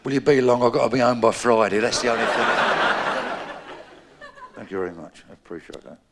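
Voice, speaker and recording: A middle-aged man telling stand-up jokes on a live stage, rowdy and shouting out sound-effect punchlines. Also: mid-range voice, brisk, heavy background noise. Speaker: stand-up comedian. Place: live stage before an audience.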